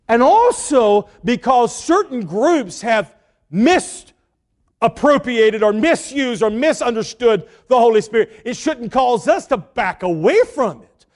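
A middle-aged man preaching, telling a lively family story and shouting the quoted lines. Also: very high voice. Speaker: pastor. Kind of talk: sermon storytelling.

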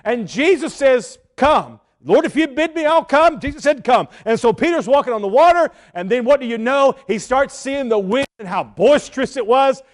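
A man preaching a sermon, earnest, pausing and repeating words as he builds his points and acts out the quotes. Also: very high-pitched, expressive.

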